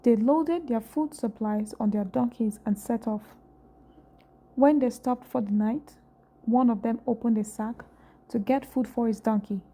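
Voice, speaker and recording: A woman reading scripture aloud at a steady, unhurried pace. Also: a little high. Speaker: scripture reader.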